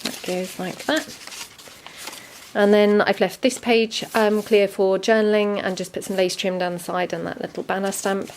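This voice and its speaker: A woman casually walking through a handmade junk journal, chatty and relaxed with frequent ums. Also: mid-range voice, moderate pace, background noise. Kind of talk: casual show-and-tell narration.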